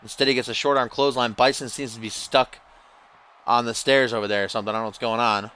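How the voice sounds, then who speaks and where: Bright-voiced man calling game wrestling. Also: medium pitch, fast, smooth. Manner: excitable, slangy, calls the action like a wrestling announcer. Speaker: gameplay commentator. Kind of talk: casual play-by-play commentary.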